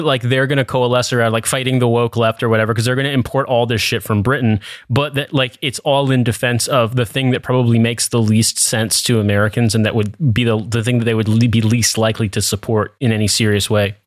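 A man's voice: medium pitch, steady tone, quick pace, hardly any pauses, no echo, studio quality. Rambling man in a casual rant. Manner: rambling, many fillers.

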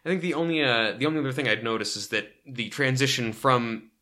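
A man co-hosts a casual podcast and recaps a sitcom episode. He jokes and acts out scenes as he goes, in an ordinary middle-pitched voice with a bright, crisp tone. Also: fast. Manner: jokey, riffing, acts out scenes. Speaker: podcast co-host.

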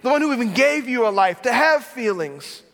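A male pastor with a high, bright voice delivers a sermon in a big hall whose long echo trails after each phrase. He swings from forceful declarations down to soft, hushed appeals. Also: lively intonation, normal speed. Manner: dynamic preaching, swinging from loud to hushed.

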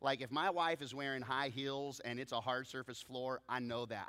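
Preaching fairly quickly with hardly any pauses, this male pastor tells stories in his sermon, moving energetically from loud bursts to soft, low asides. The big-room acoustics are audible.

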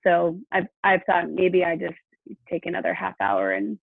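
Gravelly woman on a tinny phone line. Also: fairly low pitch, very animated, moderate pace, no room sound. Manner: chatty, self-deprecating, laughing. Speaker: coaching client. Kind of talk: phone conversation.

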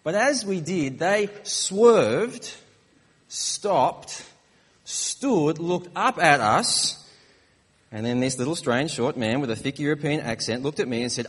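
A man, a father of young children, preaching a sermon in a relaxed, joking storytelling manner. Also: fairly high pitch, unhurried, in a large hall, a little hiss or hum.

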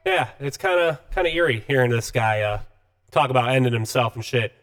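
A man's voice: mid-range voice, animated, brisk, a bit bright, smooth. A man co-hosting a podcast in casual chat, laid-back and profane, with lots of "uh". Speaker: podcast co-host.

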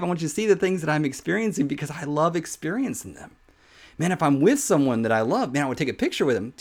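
A man in his thirties with a fairly high voice teaches the Bible on a podcast, speaking fast and very animated. His informal sermon is earnest and conversational, with frequent use of "man," repetitions, and little laughs.

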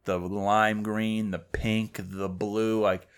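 A man's voice: fairly low pitch, little pitch movement, slow pace, smooth. A man co-hosting a podcast in casual chat, chatty and teasing, saying "dude" a lot. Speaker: podcast co-host.

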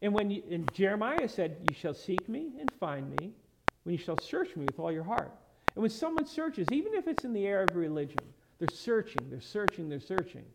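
A man's voice: high voice, sing-song, brisk, gravelly. A male pastor preaching a sermon in a church, emphatic and quoting scripture in old-fashioned wording. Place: church sanctuary. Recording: loud background noise in a church sanctuary.

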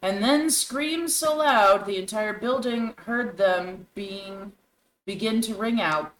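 A woman's voice: medium pitch, slow pace, poor audio. A woman co-hosting a talk show, reading scary stories aloud with dramatic storytelling and shifting voices for the characters. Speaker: co-host.

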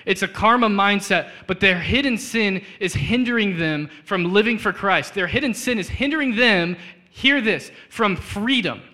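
Bright-voiced man preaching, drawl. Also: high-pitched, animated. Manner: conversational preaching, quick asides and acted-out quotes. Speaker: pastor. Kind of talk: sermon. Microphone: switches to a handheld mic partway.

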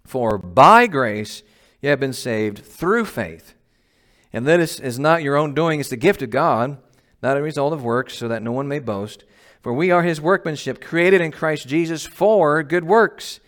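A man, a pastor, giving a conversational, emphatic sermon and often asking the congregation questions. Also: medium pitch. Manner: laughs at himself.

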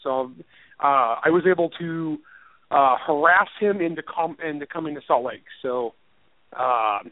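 A man's voice: fairly high pitch, measured pace, no echo. A man, an author and writing teacher, chatting casually in an interview, rambling and self-deprecating and laughing often. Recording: tinny phone line, dry.

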